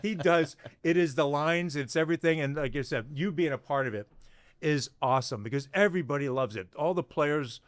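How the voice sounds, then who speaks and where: A man's voice: a little high, brisk, dry recording. A middle-aged man co-hosting a podcast, chatting and retelling anecdotes with admiration. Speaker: podcast co-host. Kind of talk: casual chat.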